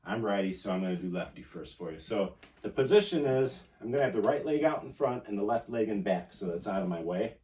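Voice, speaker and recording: Male fitness instructor talking through reps, low voice, distant echoey room sound. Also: animated, brisk, dark tone. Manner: coaching, talks while exercising. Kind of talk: casual workout instruction. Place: indoor home room.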